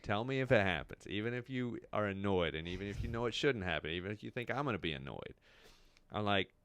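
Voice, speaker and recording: A man speaking as a podcast guest in casual chat, animated and emphatic. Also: on the low side, quick pace, clear, resonant tone.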